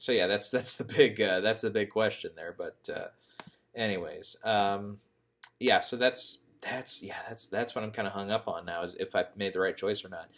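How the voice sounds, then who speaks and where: A man's voice: on the low side, moderate pace, a bit bright. A young man talking casually about awards predictions, rambling and often correcting himself with fillers. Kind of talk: casual thinking-aloud commentary.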